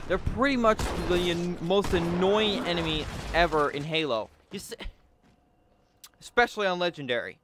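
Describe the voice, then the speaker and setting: A man's voice: high voice, animated, normal speed, noisy background. Swearing, frustrated young man gaming. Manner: swears a lot, frustrated, shouts at enemies. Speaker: gaming commentator. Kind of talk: frustrated gameplay commentary.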